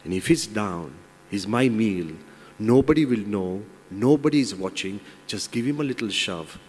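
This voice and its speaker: A man's voice: on the low side, animated, moderate pace, darkish tone, slightly rough, pitched below the performer's own voice. A man voicing a cunning male lion in a fable, coaxing and persuasive. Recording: long reverb in large hall.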